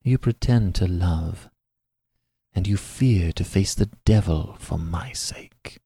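Disdainful young woman in a storybook reading, low and dark, hushed, as a man puts her on. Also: slow pace, gravelly, slightly rough, dry recording, exaggerated voice. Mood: scornful. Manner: disdainful, scornful. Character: haughty impatient young woman, scornful.

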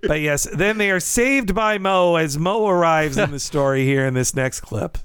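Lively, clear-voiced man chatting. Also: fairly high pitch, dry recording. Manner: chatty, laughing, quick asides. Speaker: podcast co-host. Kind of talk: casual chat.

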